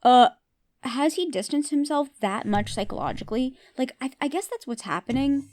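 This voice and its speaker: Her voice is high-pitched and darkish, at a normal speed. She's a woman hosting a podcast, recapping a TV episode in a relaxed, opinionated manner and often questioning her listeners.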